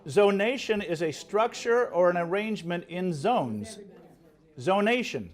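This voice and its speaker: A man's voice: high voice, unhurried. A man reading out words and spelling them for a live spelling contest, joking with the contestants. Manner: animated, playful, joking with contestants. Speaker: spelling bee word caller.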